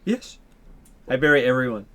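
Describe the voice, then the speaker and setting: A man's voice: medium pitch, sing-song, moderate pace, a bit bright. A man voicing a blunt male gravedigger who speaks in broken, simple sentences. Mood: deadpan.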